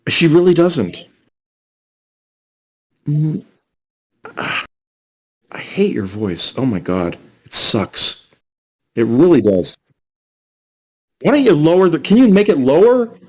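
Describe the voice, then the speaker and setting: A man's voice: on the high side, slow pace, pauses often. A man ranting scornfully over a voice call, repeating himself as he goes on. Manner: animated, repetitive, scornful rant. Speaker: streamer on a voice call.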